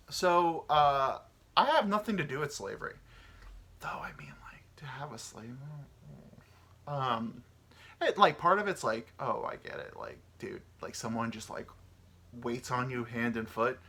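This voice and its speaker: A man's voice: mid-range voice, pushed and bright. A man in his thirties hosting a rambling solo chat. He meanders, muses aloud and swears casually, and he sounds tired from little sleep. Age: 30s. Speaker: podcast host.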